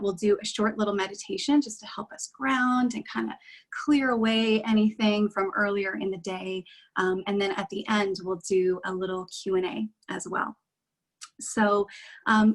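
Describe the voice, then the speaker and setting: Breathy woman guiding a meditation. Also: medium pitch, rough recording. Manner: gentle, reassuring, unhurried. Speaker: meditation guide. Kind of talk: guided meditation.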